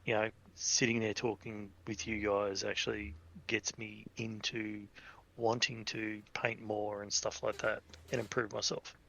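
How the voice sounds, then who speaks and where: A man's voice: fairly low pitch, little pitch movement, unhurried, creaky, sharp tone, low-quality recording. A middle-aged Australian man co-hosting a casual podcast, with wry dry humour. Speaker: podcast co-host. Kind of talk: casual group chat.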